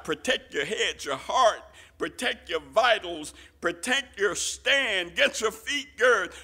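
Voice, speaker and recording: A man preaching a sermon with passion, swinging from quiet asides to shouted lines, using folksy Southern turns of phrase. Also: fairly high pitch, expressive, slow. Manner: impassioned, rising to shouts.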